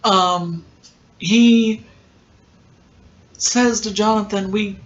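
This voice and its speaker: A podcast host giving a casual, chatty recap of a TV episode, wandering into asides and filling pauses with ums. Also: medium pitch, steady tone, highs cut off.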